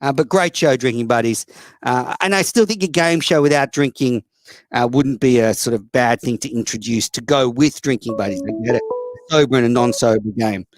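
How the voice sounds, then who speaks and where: A man's voice: mid-range voice, brisk, no echo, soft background music. An Australian man hosting a casual call-in show, blunt, profane and mocking toward callers and other hosts. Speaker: host.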